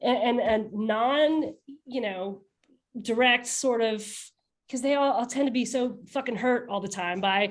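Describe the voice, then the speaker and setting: High-voiced blunt woman guest. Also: a little slow. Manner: blunt and profane, many fillers and restarts. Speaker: podcast guest, founder of a satire account. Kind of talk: casual interview chat.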